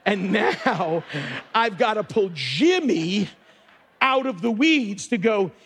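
A man preaching a sermon as pastor, emphatic and animated, jumping up in pitch for emphasis and dropping to quiet asides. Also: takes it slowly, husky. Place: church sanctuary. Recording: long reverb of a church hall.

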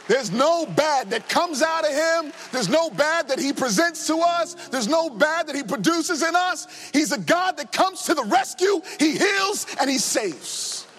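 High-voiced impassioned male preacher. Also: expressive, measured pace, few pauses, fairly bright tone. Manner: impassioned, repetitive, rising and falling emphasis. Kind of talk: sermon. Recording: long hall reverb with faint music.

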